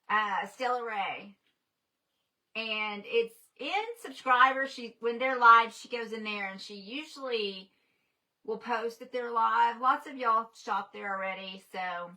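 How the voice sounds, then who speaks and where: An older woman chatting casually on a livestream as host, gushing and excitable as she talks to her viewers. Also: medium pitch, a little hiss or hum.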